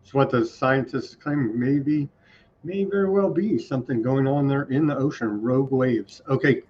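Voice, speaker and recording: A man's voice: medium pitch, normal speed, darkish tone. A man hosting an online news show, reading items aloud and adding wry, casual comments. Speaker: show host. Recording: dull lo-fi sound.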